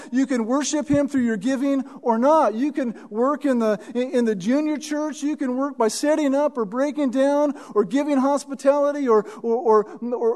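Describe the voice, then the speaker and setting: A man's voice: very high-pitched, a little mellow. A man preaching a sermon as a pastor, emphatic and given to repeating words as he builds a point.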